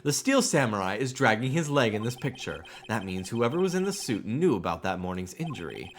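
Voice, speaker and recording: A man's voice: medium pitch, very animated, fairly quick, slight background noise, natural voice. A man voicing an earnest young male defense attorney from a video game, pleading and reasoning through a case.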